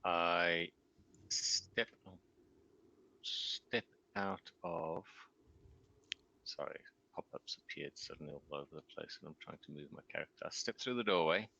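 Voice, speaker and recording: A man with a very low, gravelly voice and a bright edge describes his character's sneaky moves in a tabletop game. He talks it through step by step. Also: animated, a little slow, lo-fi sound. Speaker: player.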